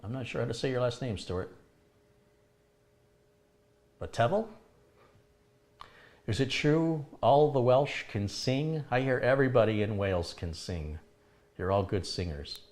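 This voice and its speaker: A man's voice: mid-range voice, lively intonation, a little slow, long pauses, darkish tone. A middle-aged man hosting a live chat stream, reading viewer comments aloud and answering them in a chatty way, laughing now and then at his own remarks.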